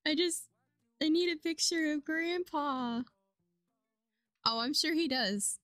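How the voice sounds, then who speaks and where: A young woman streaming a life-sim game, chatting casually and getting excited and squealy at times. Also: sits high, slow, dry recording, studio quality, soft background music. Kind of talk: casual gameplay commentary.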